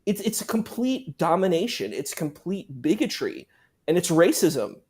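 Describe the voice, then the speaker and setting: A man's voice: high-pitched, normal speed, slightly rough. Indignant man ranting in a casual talk. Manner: animated, indignant, acts out others' words. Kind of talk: heated casual discussion.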